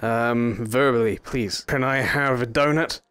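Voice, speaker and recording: A man giving mock-pompous, deadpan commentary while trolling players in a VR game. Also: medium pitch, measured pace, clear, resonant tone, dry recording. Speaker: gaming YouTuber. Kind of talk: comedic VR gameplay commentary.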